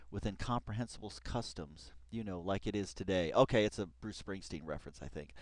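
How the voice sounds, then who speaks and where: A man's voice: fairly low pitch, no room sound. A man giving casual read-along commentary as he reacts to an online article, rambling, laughing often and swearing freely.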